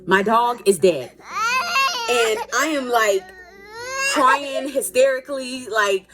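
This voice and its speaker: An adult woman telling a personal story in a casual, animated and dramatic way, with playful asides. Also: a little high, a little slow, loud music behind the voice. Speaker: storytime vlogger.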